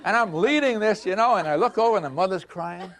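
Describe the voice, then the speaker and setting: A man's voice: sits high, fast, a crowd in the background, background noise. An older man giving a customer service seminar, telling stories with acted-out dialogue and frequent laughter. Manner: animated storyteller, acts out dialogue, laughs often. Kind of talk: storytelling seminar talk.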